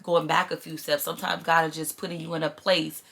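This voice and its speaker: A woman's voice: low-pitched, flat delivery, brisk, gravelly, fairly bright tone, slightly rough. A woman chatting casually to camera from a small bedroom in her mother's house, drifting from personal sidebars into preaching. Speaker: vlogger.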